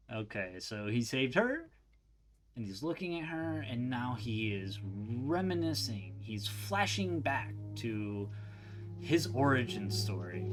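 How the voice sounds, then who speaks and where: Male movie host, mid-pitched, chatty recap style with playful character voices. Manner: animated, laughs, acts out quotes in silly voices. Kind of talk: casual film recap.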